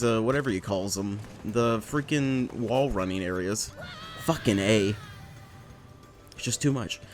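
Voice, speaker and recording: A man giving casual let's play commentary, excitable and self-mocking, swearing and laughing often into a desk microphone. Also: medium pitch. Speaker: gameplay commentator.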